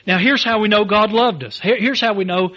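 A man's voice: sits high, a little fast, pushed and bright, highs cut off. A man preaching a sermon, building emphasis through repetition and reading scripture aloud in old-fashioned wording. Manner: reads scripture in King James wording. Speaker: pastor.

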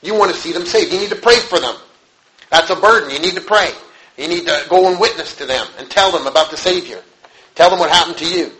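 Brief: male pastor, fairly high voice, storytelling sermon, halting and conversational, faint background noise. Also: pushed and bright. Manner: conversational, halting, with restarts and rhetorical questions. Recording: echoey room, faint noise.

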